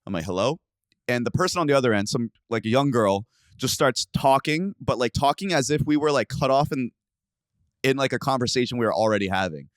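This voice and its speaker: A young man in his podcast host chair spins a story in loose, profane, everyday talk. His voice sits at an ordinary middle pitch and sounds close and dry, with no room around it. Every so often he breaks into a loud, heated burst before settling back down. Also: expressive, a little fast, no room sound. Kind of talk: casual storytelling chat.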